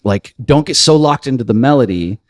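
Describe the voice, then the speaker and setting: A man's voice: medium pitch, lively intonation, fairly quick, no echo, studio quality. A man co-hosting a music podcast, chatting casually about songwriting in a rambling way, full of fillers and restarts. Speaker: podcast co-host.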